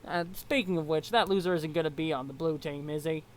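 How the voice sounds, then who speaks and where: A woman's voice: deep voice, fairly quick, close to an everyday voice, poor audio. A woman voicing a scheming, chatty troll girl in a put-on Southern US accent, wheedling and sing-song. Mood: gushing.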